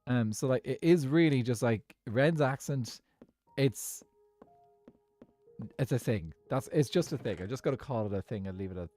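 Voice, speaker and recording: Here an Irish man talks at normal speed in a medium-pitched, dark-toned voice, with faint music behind him. It's easygoing live-stream gaming chat, full of rambling as he thinks out loud to his audience.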